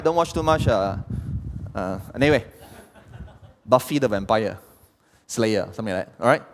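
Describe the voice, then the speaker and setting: A man preaches a sermon in a church hall, tossing rhetorical questions at his listeners. His slightly high voice swings widely up and down. A long hall reverb trails every phrase. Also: slight background noise. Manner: animated, tosses rhetorical questions at the congregation. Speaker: pastor.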